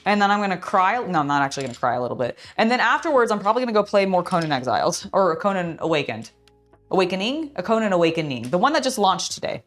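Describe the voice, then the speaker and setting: A tired young woman chatting casually on a live stream while building, scattered and excitable. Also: medium pitch. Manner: scattered, excitable, self-talking. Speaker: streamer building a LEGO set.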